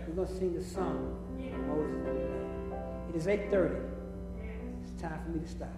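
A woman's voice: deep voice, moderate pace, pauses often. A woman preacher delivering a fervent sermon to a congregation. She repeats phrases for emphasis, chuckles often and acts out scenes as she goes. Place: church hall with congregation. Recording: echoey hall, music behind.

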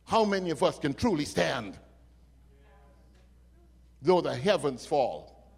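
A man preaching a sermon, telling stories dramatically and swinging from hushed lines to loud ones. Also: on the high side, big pitch swings, slow pace, creaky, slightly rough. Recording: long reverb of a hall.

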